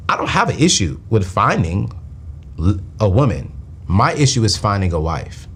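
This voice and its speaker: A man's voice: lowish voice, normal speed, a little hiss or hum. A man hosting a live call-in finance show, joking and preacherly. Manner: animated, preacherly, slangy and joking. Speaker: host.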